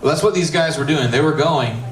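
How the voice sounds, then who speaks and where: His voice is on the high side and fairly quick. He's an American middle school pastor delivering a casual youth sermon in a church youth room, mixing scripture readings with slangy jokes, in a roomy, distant recording with faint hiss.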